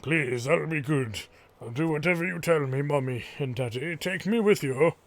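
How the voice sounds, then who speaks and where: A man doing a high, tearful dying little girl. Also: normal speed, close to an everyday voice. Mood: pleading. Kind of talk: game text read aloud in voices.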